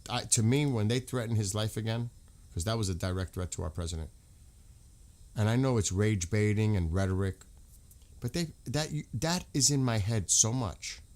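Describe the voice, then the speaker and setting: A man's voice: lowish voice, moderate pace, darkish tone. An American man hosting a livestream, talking in a heated, repetitive way and swearing often. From United States. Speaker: livestream host. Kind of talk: casual livestream talk.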